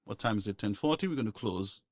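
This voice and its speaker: A man's voice: on the low side, lively intonation, fast, no room sound, studio quality. A man hosting a call-in show, talking in an impassioned, preachy way and repeating his points for emphasis. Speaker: radio call-in show host. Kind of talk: opinionated call-in talk.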